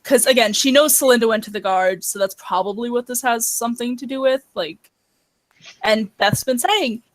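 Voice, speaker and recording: A woman's voice: a little high, normal speed, no room sound. A woman playing a tabletop game, hesitant and full of fillers. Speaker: player. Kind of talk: casual tabletop play.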